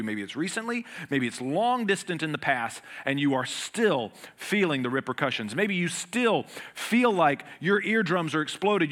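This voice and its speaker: A male pastor delivers a sermon in a bright, forceful voice that sits a little high. He is earnest and conversational with touches of humor. He swings from loud, emphatic passages to quiet, hushed ones.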